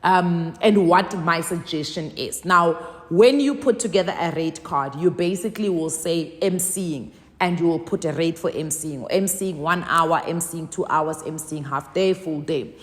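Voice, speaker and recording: Animated South African woman vlogging. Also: on the low side, moderate pace, big-room sound. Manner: animated storytelling, acts out both sides of phone calls. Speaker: content creator. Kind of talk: casual vlog talk.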